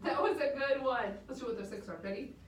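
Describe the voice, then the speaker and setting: A woman's voice: sits high, fast. A woman teaching a children's music lesson, encouraging the kids and chanting rhythm syllables. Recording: echoey room, far mic, noisy.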